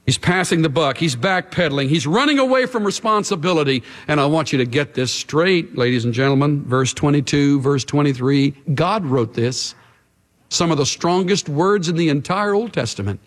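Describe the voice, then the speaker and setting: A man's voice: on the high side, expressive, normal speed, big-room sound. A male pastor preaching an emphatic sermon, addressing the congregation directly.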